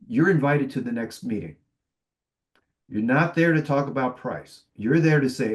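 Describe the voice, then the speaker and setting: A man's voice: medium pitch, darkish tone. Confident man telling sales stories. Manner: confident, punchy anecdotal delivery with dry humour. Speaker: sales executive on a panel. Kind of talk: panel discussion, storytelling.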